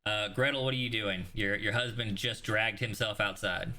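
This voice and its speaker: A man narrates as game master of a tabletop game, his voice bright and forceful. He rambles through the scene with many fillers and restarts and swears casually. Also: on the low side, steady tone, normal speed.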